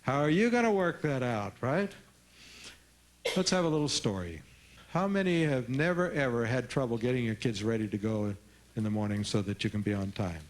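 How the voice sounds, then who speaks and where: Brief: male seminar speaker, mid-pitched, playful, quizzes the audience, lecture room. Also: moderate pace. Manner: lively, teasing, coaxes audience responses. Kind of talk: live seminar talk to an audience.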